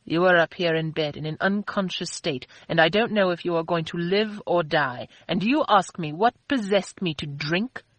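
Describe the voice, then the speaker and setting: A woman narrator voicing a gruff, brooding man nursing a hangover, given to blustering outbursts. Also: fairly low pitch, moderate pace, few pauses, no echo, close to an everyday voice. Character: gruff, brooding hungover man, quick to anger.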